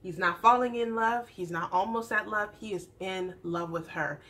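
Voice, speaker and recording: A young adult woman chatting through a casual TV recap, animated and acting out the people she describes. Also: medium pitch, moderate pace. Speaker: YouTube TV recap host.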